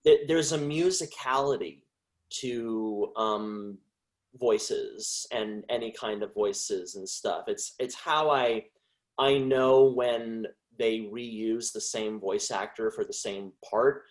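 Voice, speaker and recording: A man who is a voice actor, talking as a guest in a casual interview, halting and restarting his sentences often. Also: fairly low pitch. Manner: halting, with frequent restarts and trailing phrases.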